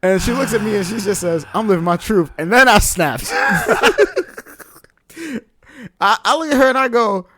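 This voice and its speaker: Animated man telling a story with lots of laughs. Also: high voice, a little slow, long pauses, no echo, studio quality. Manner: animated, laughs often, acts out quotes. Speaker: podcast co-host. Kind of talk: casual storytelling chat.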